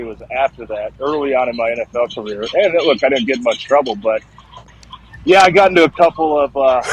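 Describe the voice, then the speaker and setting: A man's voice: on the high side, noisy background. A man in his thirties, a former pro football lineman, telling stories in a casual, profane, rambling podcast chat. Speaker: former NFL offensive lineman guest.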